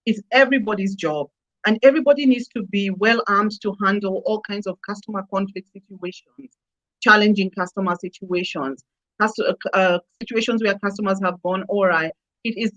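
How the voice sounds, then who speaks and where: A woman's voice: medium pitch, fairly bright tone, highs cut off. A woman guest in a conversational interview, speaking emphatically and repeating phrases for effect. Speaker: customer experience consultant, guest.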